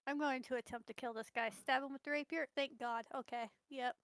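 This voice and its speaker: A woman's voice: high voice, steady tone, brisk, a crowd in the background. A woman playing in a tabletop game who eagerly talks through her moves aloud.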